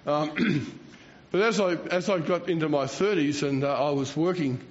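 A man's voice: on the high side, a little slow. A man, preaching a rambling, self-mocking sermon and chuckling between phrases. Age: 60s. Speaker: pastor. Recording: dull lo-fi recording.

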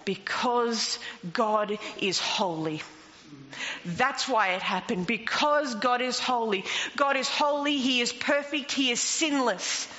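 Woman preacher, emphatic sermon, bright voice, long hall reverb, dull lo-fi sound. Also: a little slow, few pauses. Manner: emphatic, rising to high passionate declarations.

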